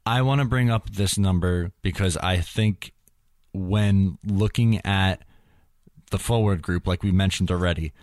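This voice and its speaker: A man with a low voice hosting a casual hockey talk show. He steers the talk and backs his points with numbers. The sound is dry and close-miked. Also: a little slow, a little mellow, no echo. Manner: steers the talk, cites stats. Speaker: hockey podcast host. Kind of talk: casual sports chat.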